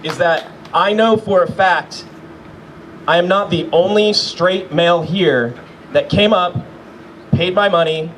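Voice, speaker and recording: A man's voice: sits high, a little slow, fairly bright tone. A man telling a self-mocking, laughing story at a memorial. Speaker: hash run member remembering a friend. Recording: distant mic with background noise.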